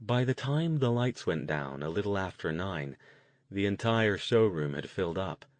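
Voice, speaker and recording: Low-voiced male audiobook narrator. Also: expressive, moderate pace, dry recording. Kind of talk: scripted narration.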